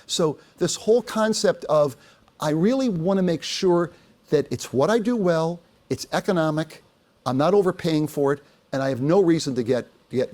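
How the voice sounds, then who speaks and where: An older man giving a business talk, telling anecdotes with quoted dialogue and asking the audience questions. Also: on the high side. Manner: lively storytelling, quotes others, asks audience. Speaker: speaker.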